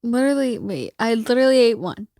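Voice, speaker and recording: A woman's voice: a little high, sing-song, fast talker, mellow, no echo, clean studio sound. A fifteen-year-old girl, a podcast guest, chatting in a laid-back way with her mother and saying "literally" a lot. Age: teens. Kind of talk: casual chat with her mother.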